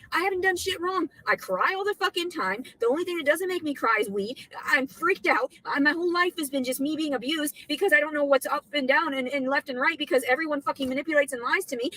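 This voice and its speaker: A woman with a high voice on a livestream. She talks in an agitated, pleading way and swears a lot. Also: fairly bright tone, no echo, rough recording. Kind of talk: emotional livestream rant. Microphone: computer mic on a livestream.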